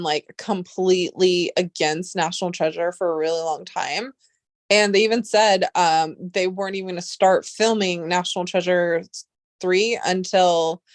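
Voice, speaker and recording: A young woman chatting casually on a livestream, rambling and excitable, swearing freely. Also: lowish voice, no room sound, studio quality. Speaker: livestream host.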